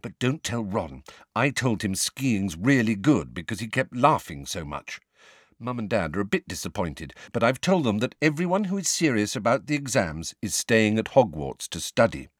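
A man voicing a clever, bossy teenage girl who talks briskly and lectures with exasperation. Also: on the low side, sing-song, dry recording, clean studio sound.

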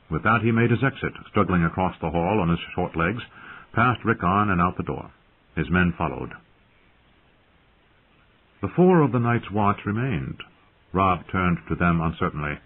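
A man narrating a fantasy audiobook in a measured storytelling manner. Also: deep voice, husky. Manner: measured storytelling, shifts into character voices. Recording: tinny lo-fi phone-like sound.

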